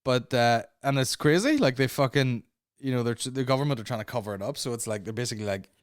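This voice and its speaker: A man hosts a comedy podcast, rambling on and swearing freely as he goes. His voice sits at an ordinary pitch, and the sound is close and dry. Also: fast talker, clean tone, dry recording. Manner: rambling, profane, laughing at his own jokes. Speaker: podcast host. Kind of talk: comedic monologue.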